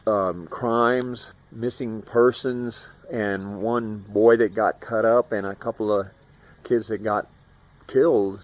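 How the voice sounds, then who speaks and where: A somewhat low-voiced man in his sixties from Florida tells a long first-person story. He rambles and circles back, and he jumps into loud voices when he quotes the people in it.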